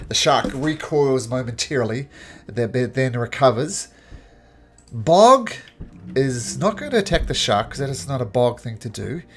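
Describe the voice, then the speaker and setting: A man narrating as game master of a tabletop game, with lively, chuckling narration. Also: medium pitch, normal speed.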